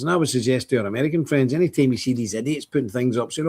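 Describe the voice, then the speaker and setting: A man's voice: mid-range voice, racing, few pauses. Northern irish guy ranting on a livestream, blunt and rambly, lots of restarts. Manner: rambling, animated, blunt, with frequent restarts and asides. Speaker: livestream host. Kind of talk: livestream commentary.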